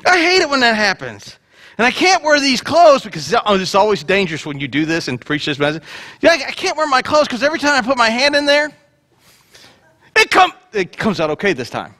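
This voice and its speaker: A man preaching a sermon, his voice high and bright with a lot of swing in its pitch. He jokes in asides and acts out the people of the story in different voices. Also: fairly quick. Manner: lively, joking asides. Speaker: pastor. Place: church.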